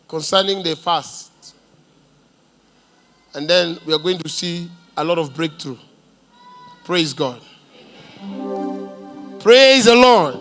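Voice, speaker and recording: A man's voice: high voice, bright, forceful tone. A man with a Kenyan accent preaching a prophetic sermon in church, commanding and decreeing, with Swahili asides. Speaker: pastor. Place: church service.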